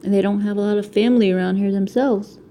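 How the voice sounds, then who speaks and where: A woman's voice: mid-range voice, steady tone, fast, warm tone, slight background noise. A woman from Connecticut, around her thirties, with a Connecticut accent, chatting and rambling casually at home while she crafts, picked up by the camera mic. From Connecticut, USA. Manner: rambling, chatty, laughs often. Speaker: crafting vlogger. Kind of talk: casual chat while diamond painting.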